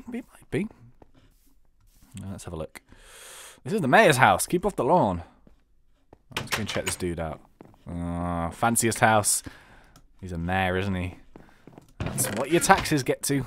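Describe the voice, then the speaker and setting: A man's voice: low-pitched, a little hiss or hum. A young British man giving casual, joking gameplay commentary as a let's-player. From Britain. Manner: chatty, joking, upbeat.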